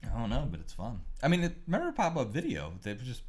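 A man co-hosting a podcast, telling rambling, animated stories in casual chat and swearing freely. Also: mid-range voice, fast talker, breathy edge. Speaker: podcast co-host.

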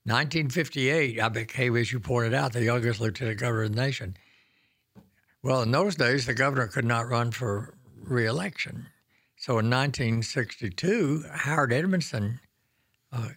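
A man's voice: mid-range voice, normal speed, a bit bright, no room sound, clean studio sound. Folksy man in his nineties. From Oklahoma. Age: 90s. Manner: folksy, self-deprecating storyteller. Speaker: former governor, guest. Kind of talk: storytelling reminiscence.

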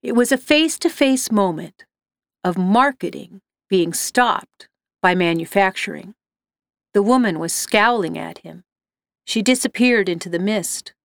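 A woman narrating a story in a steady, measured reading voice. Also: mid-range voice, vocal fry, no echo, clean studio sound.

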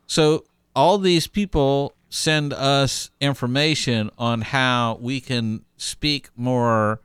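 A man's voice: medium pitch, fairly even intonation, slow pace, a bit bright, smooth, no echo, studio quality. A man co-hosting a podcast, joking and rambling with fillers and laughs in casual comedic chat. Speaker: podcast co-host.

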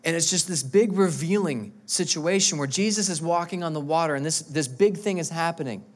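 A male pastor who preaches an animated, emphatic sermon and often repeats words. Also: a little high, a little fast.

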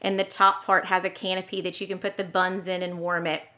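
A woman co-hosting a podcast in casual chat, excitable and quick to laugh, often tripping over her words. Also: fairly low pitch. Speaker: podcast co-host.

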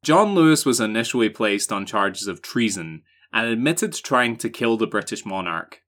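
Male podcast host, bright tone, dry sarcastic delivery. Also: lowish voice, sing-song. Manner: sarcastic, swearing, quick jokes. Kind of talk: casual chat, reading from notes.

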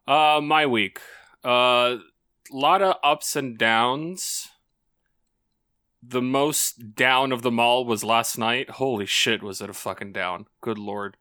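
A man riffs crudely on a casual podcast with his friends. His voice is bright and forceful, and it sits close and dry on the mic. He tells the story in a rambling, profane way. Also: mid-range voice, slow pace, no echo. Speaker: podcast co-host.

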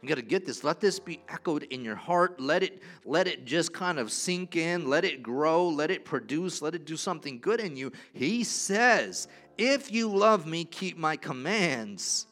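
A man preaching a sermon, emphatic and repetitive, moving between soft, low passages and loud, rising declarations. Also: expressive, normal speed, hardly any pauses, faint music behind.

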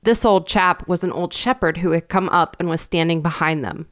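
A woman narrating a storybook in a measured, even way. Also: low-pitched, dry recording, clean studio sound. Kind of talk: storybook reading.

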